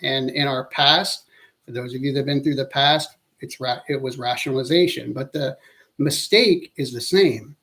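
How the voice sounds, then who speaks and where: A man presenting an instructional talk as an interview-training instructor, speaking in a measured, earnest way and now and then correcting himself mid-sentence. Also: mid-range voice, a bit bright.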